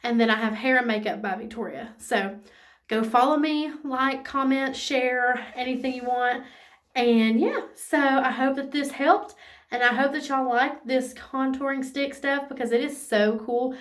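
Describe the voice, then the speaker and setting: A woman, gushing excitedly and saying "y'all" as she walks through a casual makeup tutorial. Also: sits high, unhurried. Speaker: beauty vlogger.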